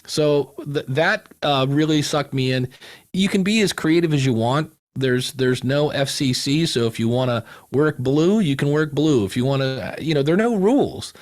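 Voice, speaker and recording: Guy chatting as a podcast guest, lively storyteller, does little voices for quotes. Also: mid-range voice, moderate pace. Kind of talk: casual interview chat.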